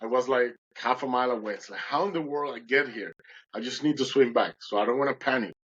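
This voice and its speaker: A man's voice: mid-range voice, quick pace, fairly bright tone, breathy edge, lo-fi sound. A podcast guest, a man, recounting a dramatic personal story in conversation and acting out his own words with animation.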